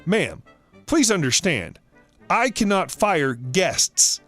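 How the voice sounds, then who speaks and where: A man voicing a polite, measured male restaurant manager who stays firm. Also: on the high side, sing-song, a bit bright, soft background music, heavily acted.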